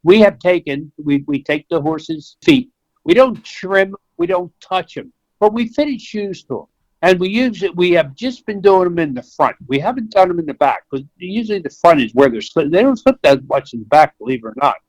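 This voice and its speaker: Older American man, vet guest on a talk show. Folksy, chatty storyteller who acts out his quotes, slightly high voice, dry close mic. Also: sing-song, normal speed, dry recording, muffled recording. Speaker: veterinarian guest. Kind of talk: conversational interview.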